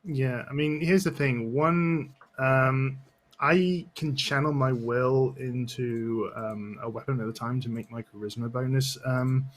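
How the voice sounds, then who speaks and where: A man's voice: medium pitch, measured pace. A man playing a tabletop game, explaining his character's rules while thinking aloud. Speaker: player. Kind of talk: casual tabletop game talk.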